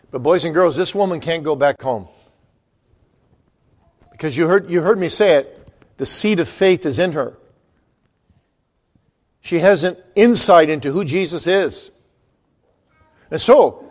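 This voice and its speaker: Male preacher, high voice, dramatic sermon delivery with big dynamic swings. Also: animated, unhurried, long pauses. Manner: dramatic, wide swings in loudness and pitch.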